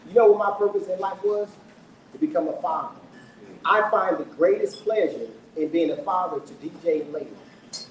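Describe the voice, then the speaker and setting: A man's voice: sits high, moderate pace, a little mellow. A middle-aged man speaking at his book launch, telling a personal story to an audience in an earnest, emotional way and asking them questions. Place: event room with an audience. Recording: echoey room, voice from a distance, faint noise.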